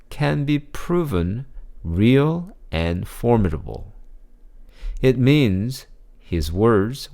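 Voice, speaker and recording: A man reading scripture and giving a measured sermon reflection. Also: fairly low pitch, vocal fry, a little mellow. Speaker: preacher.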